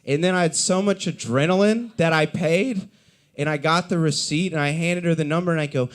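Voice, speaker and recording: A man's voice: fairly high pitch, normal speed. Rambling young man doing stand-up. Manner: rambling, self-deprecating storytelling with acted-out quotes. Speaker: stand-up comedian. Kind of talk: stand-up comedy set at an open mic. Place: coffee shop open mic.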